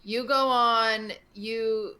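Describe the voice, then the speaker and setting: A woman's voice: on the high side, steady tone, very slow, sharp tone, poor audio. A woman streamer in casual group chat, blunt and advice-giving, swearing freely. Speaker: streamer co-host.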